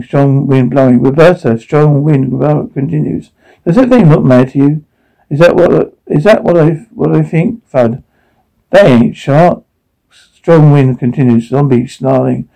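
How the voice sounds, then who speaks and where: A man reading out a drama's dialogue along with its sound cues, in one even voice. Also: medium pitch, measured pace, gravelly, low-quality recording.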